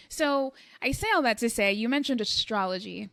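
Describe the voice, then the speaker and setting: Young woman podcast host, higher voice, animated storyteller, chatty with fillers, dry close-mic sound. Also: normal speed, vocal fry, hardly any pauses, dry recording. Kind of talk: casual conversational interview.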